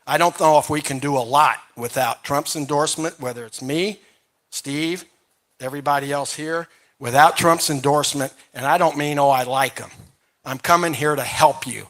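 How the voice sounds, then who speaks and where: A man's voice: a little high, normal speed, fairly bright tone. A man speaking as a candidate at a live debate, insistent and repeating his main point. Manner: insistent, repetitive. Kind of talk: campaign debate answer.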